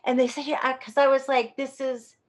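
A woman telling a story in casual conversation, animated and acting out the voices of the people she quotes. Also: sits high, a little fast. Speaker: guest performer.

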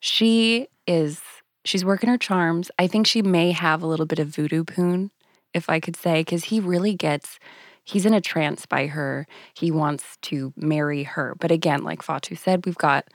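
A woman's voice: low-pitched, normal speed, no echo, clean studio sound. A woman co-hosting a history podcast, telling the story in casual chat with blunt, profane remarks. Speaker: podcast co-host.

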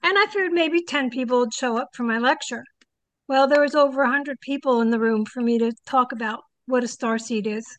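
A woman's voice: high-pitched, fairly quick, a bit bright, no room sound. An older woman, a psychic guest, telling stories in a casual interview and animatedly acting out the people she quotes.

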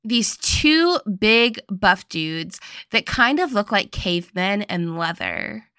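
A woman's voice: mid-range voice, lively intonation, slow pace, pushed and bright, smooth, dry recording. A young woman co-hosting a podcast, retelling a movie in playful, jokey talk. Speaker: podcast co-host. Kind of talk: casual movie recap chat.

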